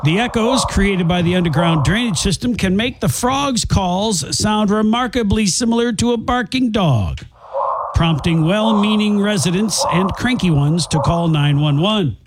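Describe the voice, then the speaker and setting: A man's voice: high-pitched, lively intonation, measured pace, background noise. A man hosting a radio show, reading out odd news stories with wry jokes in casual banter.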